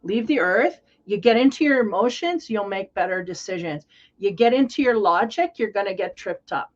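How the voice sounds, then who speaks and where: A woman's voice: medium pitch, expressive, fairly quick, lo-fi sound. A woman tarot reader giving a casual spiritual reading in a rambling, playful, conversational way.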